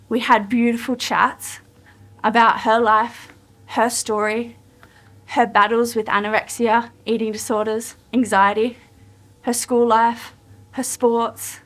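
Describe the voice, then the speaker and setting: Australian woman, slightly high voice, heartfelt storytelling, animated quotes of dialogue. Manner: emotional, animated retelling of dialogue. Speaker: podcast guest telling her running journey. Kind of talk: personal storytelling.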